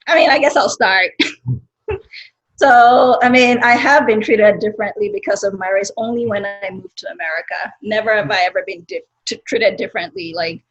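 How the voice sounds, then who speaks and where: A woman's voice: mid-range voice, steady tone, normal speed, fairly bright tone, husky, low-quality recording. A woman from Nigeria with a Nigerian accent, telling personal stories openly in a group conversation over a video call. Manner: open, talkative, personal storytelling. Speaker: discussion participant.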